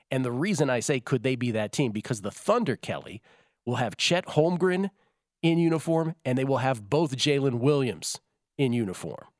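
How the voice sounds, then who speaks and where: Male sports-betting host, casual rambling delivery, mid pitch, dry studio sound. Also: no room sound. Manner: rambling, self-correcting storyteller.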